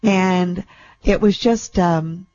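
A woman's voice: fairly low pitch, steady tone, very slow, darkish tone, lo-fi sound. A woman hosting a call-in radio show, chatty and affectionate, calling callers sweetie and darling. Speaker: radio show host and intuitive reader.

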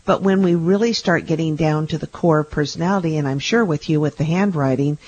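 A radio host with a medium-pitched, darkish voice talks a little fast and at length in a chatty radio interview, often turning statements into leading tag questions. The recording sounds a bit dull and lo-fi.

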